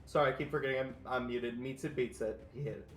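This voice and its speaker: A man's voice: medium pitch, fairly even intonation, fast, roomy sound, soft background music. A man playing a tabletop game over a voice call, brash and joking, swearing now and then. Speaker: player. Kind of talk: casual game chat. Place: online voice call.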